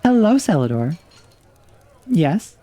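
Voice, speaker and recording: A man streaming a game, talking casually and rambling as he thinks aloud. His voice sits a little high and jumps in pitch, recorded on a dry, close desk mic. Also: sing-song, slow, mellow, no room sound. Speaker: vtuber streamer. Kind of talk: casual livestream commentary while playing.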